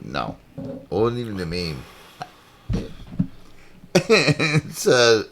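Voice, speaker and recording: Slow, gravelly man, laughing often. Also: mid-range voice, huge pitch swings, a bit bright. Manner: laughs often, profane, rambling. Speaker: podcast co-host. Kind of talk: casual chat.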